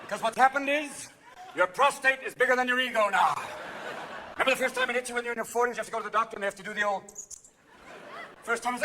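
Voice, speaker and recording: A man in his fifties performing stand-up comedy, switching manically between voices and bursting into shouts. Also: sits high, lively intonation, very fast. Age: 50s. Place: theater stage before a laughing audience. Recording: live theater recording with audience noise.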